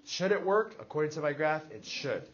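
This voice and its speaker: A man's voice: a little high, big pitch swings, moderate pace, lo-fi sound, heavy background noise. A man teaching a math class, leading with questions and checking in with his students. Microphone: classroom recording device.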